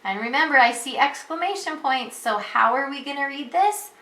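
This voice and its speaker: A woman leads a preschool reading lesson, slow and patient, with a bright, slightly high voice. She talks in a sing-song way and jumps up into excited calls when she reads out loud. The room around her sounds echoey. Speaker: preschool teacher. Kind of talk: reading lesson for young children.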